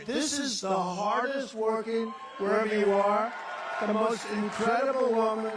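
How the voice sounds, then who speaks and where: Speaking unhurriedly in a high voice over a noisy background, an older political speaker rambles through a boastful, repetitive address at a victory rally in a big venue, adding asides on the fly. A far-off mic captures roomy sound and the crowd's loud cheering.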